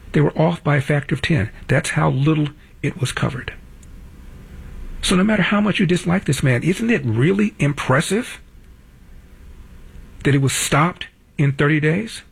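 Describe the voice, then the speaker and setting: A man's voice: fairly high pitch, normal speed, creaky, long pauses, breathy edge. An older man hosting a political talk radio show, delivering a wry, combative monologue that builds to emphatic peaks.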